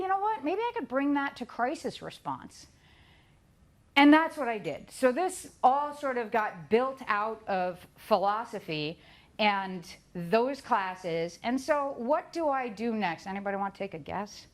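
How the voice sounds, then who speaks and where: A middle-aged woman giving a talk, telling her own story with lively asides and acted-out quotes. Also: a little high, measured pace. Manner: lively storytelling, acts out quoted voices, laughs at herself. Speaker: conference speaker.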